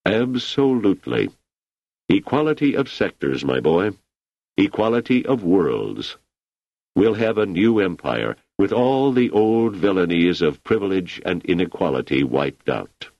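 A man's voice: sits low, sing-song, a little slow, no room sound, heavily acted. A man reading an audiobook, voicing a persuasive male political recruiter who speaks in a reassuring way. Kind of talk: audiobook character voice. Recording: slightly muffled lo-fi recording.

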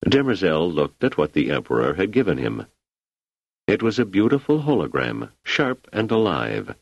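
A man narrating an audiobook in an expressive storytelling manner. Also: low-pitched, moderate pace, vocal fry, no room sound. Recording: slightly muffled lo-fi recording.

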